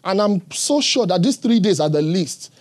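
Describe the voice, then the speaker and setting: A man's voice: high voice, animated, normal speed. A man preaching a sermon in an earnest, emphatic way, often checking in with the congregation.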